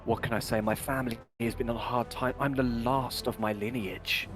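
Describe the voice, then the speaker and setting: A man's voice: mid-range voice, steady tone, a little fast, soft background music, natural voice. A man voicing a pompous young noble in a tabletop game, speaking in a wordy, pompous manner. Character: pompous young noble claiming royal lineage.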